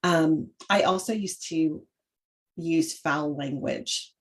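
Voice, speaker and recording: Mom hosting a faith and parenting chat, lowish voice, lots of ums and restarts. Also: female voice, slow pace. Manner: chatty, with frequent fillers and restarts. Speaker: podcast host. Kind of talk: casual faith-based parenting talk.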